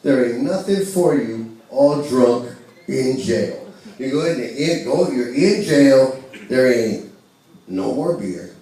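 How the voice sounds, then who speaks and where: A man's voice: mid-range voice, lively intonation, slow, warm tone. Brash man doing stand-up, echoey club. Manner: brash, profane, laughing at his own jokes. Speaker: stand-up comedian. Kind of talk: stand-up routine. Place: comedy club stage. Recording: echoey club from a distance, noisy crowd.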